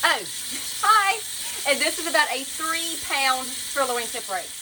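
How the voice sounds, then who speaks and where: A woman's voice: high-pitched, normal speed, noisy background. A woman with a Southern US accent, chatting casually to viewers while she cooks in her home kitchen. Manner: chatty, folksy, talks to viewers as y'all. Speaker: home cook. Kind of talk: casual cooking vlog narration.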